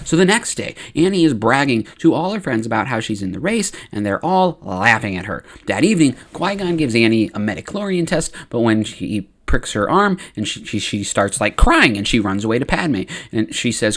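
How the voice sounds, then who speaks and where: A man narrating a comedic story recap, slipping into quick character voices as he goes. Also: mid-range voice. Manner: lively, playful quoting of characters.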